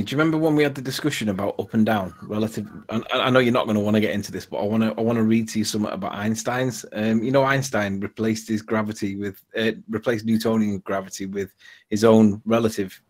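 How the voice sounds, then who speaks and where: A man's voice: on the low side, fairly even intonation, quick pace. A man chatting on a live debate stream, rambling and hesitant with many ums and restarts. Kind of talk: casual online chat.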